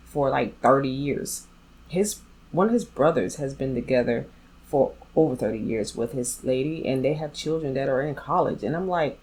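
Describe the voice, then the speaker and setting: A woman's voice: very deep voice, measured pace, darkish tone, poor audio. A woman vlogger telling a personal story in a candid, blunt way, speaking straight to her viewers. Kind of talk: storytime vlog.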